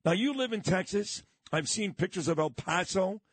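Lively, husky-voiced male radio host. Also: sits high, normal speed, dry recording. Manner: lively, blunt interviewer. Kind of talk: radio talk show hosting. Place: radio studio.

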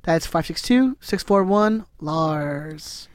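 Guy hosting a podcast, kinda rambly and laid back, smooth clear voice. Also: fairly high pitch, slow pace, dry recording, studio quality. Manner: relaxed, rambling with fillers. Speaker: podcast host. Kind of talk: casual chat.

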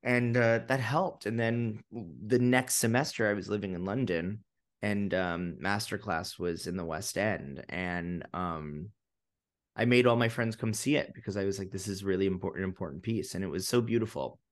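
A young man, a theatre producer, telling stories in a casual interview in an animated, gushing way, with many fillers and restarts. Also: on the low side, moderate pace.

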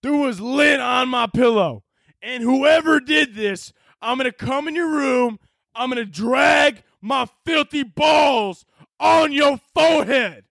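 A man's voice: very high voice, takes it slowly, creaky, no echo, studio quality, voice pushed up, exaggerated voice. A man putting on the voice of a crude frat-boy military officer who barks orders at pledges. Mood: barking, crude. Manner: barking drill-sergeant shouts.

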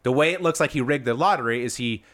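A man co-hosting a podcast, chatting casually, laughing often and pitching ideas with animated energy. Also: fast talker. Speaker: podcast co-host. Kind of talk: casual chat.

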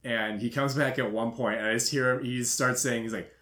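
A man's voice: medium pitch, fairly even intonation, brisk, bright, forceful tone. A man hosting a podcast, telling a story in casual chat and laughing often. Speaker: podcast host. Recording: echoey room.

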